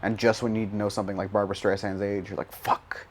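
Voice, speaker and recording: A man's voice: on the low side, level tone, fast, slight background noise. A young man giving casual, rambling commentary while playing a driving game, swearing often and laughing at his own jokes. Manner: rambling, profane, self-mocking, laughs often. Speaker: gaming YouTuber.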